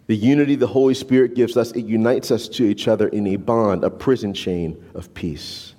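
A man preaching a sermon as a pastor, conversational and animated, tagging his points with "right?". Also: fairly low pitch, normal speed. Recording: long reverb of a large hall.

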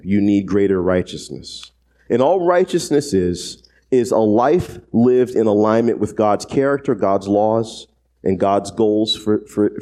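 A man preaching a sermon in a conversational way, often asking "right?" and swinging his pitch up and down for emphasis. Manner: conversational, frequent tag questions, animated pitch swings.

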